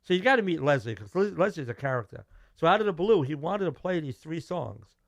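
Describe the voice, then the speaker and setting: Middle-aged man, Brooklyn New York accent, lively storyteller acting out the dialogue; slightly raised pitch, dry room. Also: brisk, dry recording. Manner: animated, acts out quoted dialogue, restarts. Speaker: guest musician. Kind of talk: casual storytelling interview.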